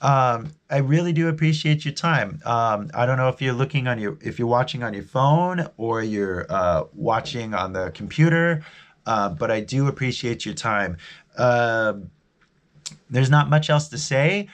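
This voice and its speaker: A man's voice: medium pitch, expressive, a little slow. A man with a Californian American accent, chatting casually to viewers on a live stream as an English teacher, rambling and restarting his sentences. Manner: rambling, restarts often, friendly sign-off.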